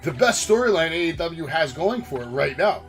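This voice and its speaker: A brash man hosts a casual wrestling podcast, heated and swearing constantly. His voice sits a little high for a man. Soft music plays faintly behind him. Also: very animated, moderate pace. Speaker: podcast host. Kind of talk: casual profane wrestling talk.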